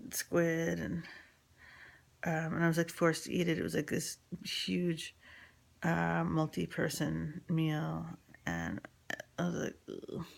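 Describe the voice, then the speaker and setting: A woman's voice: low voice, creaky. A woman in her forties from New York telling a personal story in a frank, rambling way with lots of fillers and swearing.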